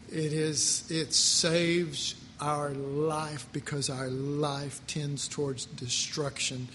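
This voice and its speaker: Slow, deeply moved male preacher. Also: a bit bright, a little hiss or hum. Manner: slow, emotional, moved, drawn-out emphasis. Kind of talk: sermon. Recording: reverberant hall, faint ambience.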